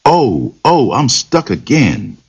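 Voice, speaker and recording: A man voicing a frantic, tricky male rabbit in a told folktale, crying out in drawn-out pleas. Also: medium pitch, huge pitch swings, husky, pitched above the performer's own voice, heavily acted. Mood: pleading. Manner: pleading, drawn-out cries. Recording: dull lo-fi recording.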